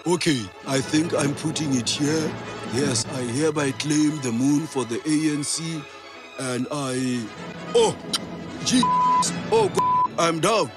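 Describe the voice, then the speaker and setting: A man impersonating a brash young male political leader, bombastic and loud as he gives orders. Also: a little high, big pitch swings, slow pace, over music. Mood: excited. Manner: bombastic, shouting at the sea.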